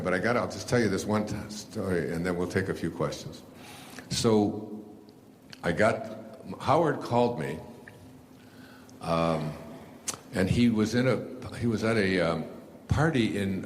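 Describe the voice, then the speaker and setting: A man's voice: on the low side, normal speed, slight background noise. An older man telling a rambling personal story to a live audience, full of fillers and restarts, laughing at himself. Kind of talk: casual storytelling talk.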